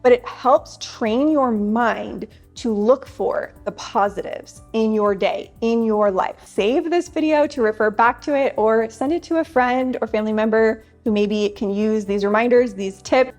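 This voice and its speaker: A woman's voice: mid-range voice, darkish tone. A woman in her thirties sharing wellness tips straight to camera, earnest and chatty, speaking directly to her viewers. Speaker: self-help vlogger.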